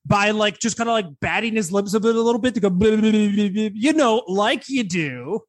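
A man co-hosting a casual podcast, cracking deadpan jokes and reading out his notes on a movie. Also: high voice, brisk, dry recording. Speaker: podcast co-host. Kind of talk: casual movie-riffing chat.

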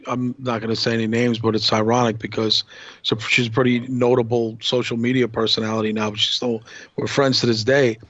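A man from New York co-hosting a podcast, telling a long story in a rambling, animated way with many restarts. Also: medium pitch, dry recording, muffled recording. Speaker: podcast co-host. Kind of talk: casual storytelling chat.

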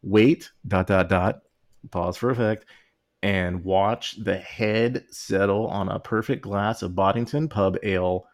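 A man's voice: on the low side, steady tone, slow pace. A man co-hosting a podcast in casual chat, joking and rambling, laughing often and reading labels aloud in mock seriousness. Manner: reads can labels aloud mockingly. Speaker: podcast co-host.

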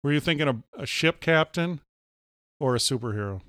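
Teasing podcast guy, smooth clear voice, dry close mic. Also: fairly high pitch, expressive, brisk, fairly bright tone, no room sound. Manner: teasing, quips and song lines. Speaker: podcast co-host. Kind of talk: casual chat.

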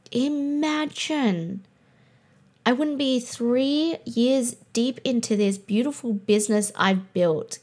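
A woman's voice: medium pitch, darkish tone. A young adult Australian woman, a podcast host and coach, talking in a candid, blunt way and swearing freely. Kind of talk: casual monologue.

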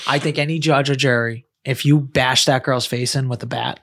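A man co-hosts a casual podcast and keeps cutting in with crude jokes and quick remarks. His pitch is ordinary. He sounds loose and ribbing. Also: steady tone, fairly bright tone. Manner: joking, crude interjections. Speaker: podcast co-host. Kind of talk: casual chat.

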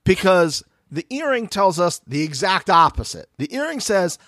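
A man's voice: high-pitched, normal speed, no room sound, studio quality. A man co-hosting a podcast, chatting casually and jokily about a reality show and acting out quotes in voices. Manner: animated, jokey, acts out quotes in voices. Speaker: podcast co-host. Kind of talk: casual reality TV recap chat.

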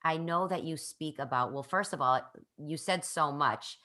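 A woman's voice: low-pitched, moderate pace, sharp tone. A woman hosting an interview, talking earnestly and at length, often restarting her sentences. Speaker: podcast host. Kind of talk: conversational interview.

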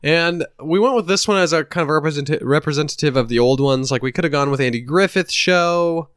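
Podcast guy, smooth clear voice, dry close sound, kinda hesitant as he rates shows. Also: fairly high pitch, a little fast, fairly bright tone, no echo. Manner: hesitant, restarts while ranking shows. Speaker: podcast co-host. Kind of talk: casual chat.

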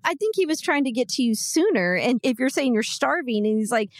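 A woman co-hosting a podcast, chatting casually and giving practical, calm advice. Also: sits high, brisk, dry recording, studio quality. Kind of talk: casual chat.

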